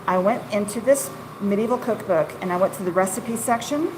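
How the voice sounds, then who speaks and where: Casting note: self-deprecating candy-maker woman with a rambling, conversational delivery, mid-pitched voice, recorded over a steady hum of background noise. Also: a little fast. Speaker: small-batch marshmallow maker and shop owner. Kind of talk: casual chatty storytelling while working. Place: candy kitchen while cutting marshmallows.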